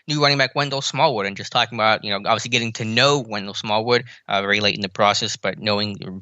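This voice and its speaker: A man co-hosting a sports podcast, talking quickly and matter-of-factly in a lowish voice. His tone is sharp and very bright. The recording is dry, with a slightly dull, lo-fi mic sound. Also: clean tone, no room sound. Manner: brisk, matter-of-fact, teasing. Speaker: podcast co-host. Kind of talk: casual sports analysis.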